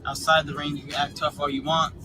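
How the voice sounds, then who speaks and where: A man speaking in a played interview clip, telling a story haltingly with many fillers. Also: on the high side, flat delivery, music in the background, poor audio. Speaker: boxer in an interview.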